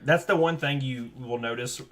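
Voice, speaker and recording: A man in his thirties hosting a casual podcast chat, telling stories lively and acting out the people he quotes. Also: mid-range voice, moderate pace. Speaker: podcast host.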